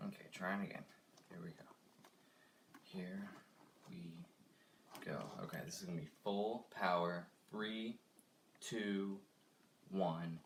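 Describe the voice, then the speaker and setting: A man's voice: on the low side, animated, a little slow, pauses often, background noise. A young man chatting casually on a live stream while working with his hands, muttering and sighing in frustration. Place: home, working on a toy car.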